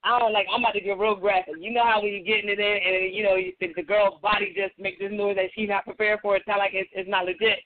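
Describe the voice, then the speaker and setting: A woman's voice: mid-range voice, flat delivery. A woman co-hosting a casual radio talk show, giggly and candid, speaking on a tinny phone-like recording. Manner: giggly, candid, fast-talking. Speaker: co-host.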